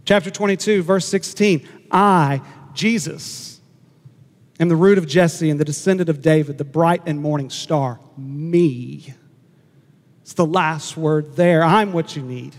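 A man preaching a sermon to his congregation, earnest and emphatic, repeating key words and pausing to let them sink in. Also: a little high. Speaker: pastor. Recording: hall reverb.

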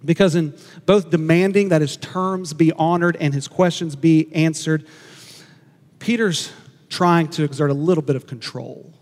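A man preaching a sermon to his congregation, earnest and emphatic, repeating key words and pausing to let them sink in. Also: fairly high pitch, darkish tone. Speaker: pastor. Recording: hall reverb.

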